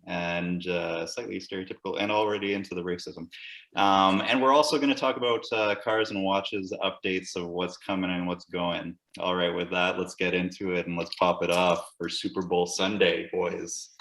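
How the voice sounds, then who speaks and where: A man's voice: sits low, level tone, normal speed, fairly bright tone. A man hosting a casual podcast, joking crudely and swearing freely. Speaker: podcast host. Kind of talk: casual chat. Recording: roomy echo.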